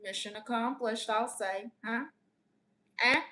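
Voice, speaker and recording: A woman does improvised character comedy on a live stream, answering chat as a brash, teasing aunt who calls herself a therapist and addresses her audience as honey. Her mood is sassy, and her voice is on the high side, slow, bright and forceful.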